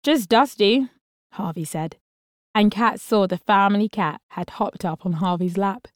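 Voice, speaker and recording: A woman's voice: mid-range voice, steady tone, normal speed, no room sound. Woman reading a story, close and dry. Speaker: narrator.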